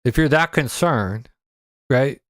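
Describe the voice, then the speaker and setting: A man's voice: medium pitch, animated, slow. A male host riffs on a played clip in casual commentary, his sarcastic jokes delivered in a mid-range voice. The sound is dry and close, with no room echo. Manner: sarcastic and joking. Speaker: podcast host.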